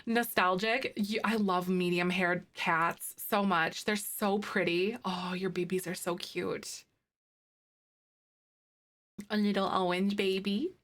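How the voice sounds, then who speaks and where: A young woman with a medium-pitched voice speaks slowly as she chats casually on a live stream, reading viewer comments. She gushes excitedly and coos over the pet photos people share.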